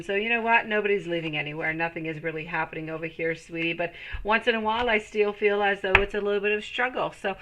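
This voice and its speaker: A woman's voice: medium pitch, sharp tone, low-quality recording. A woman giving a live-streamed tarot reading, chatting with viewers and calling them sweetie as she reads the cards. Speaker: tarot reader.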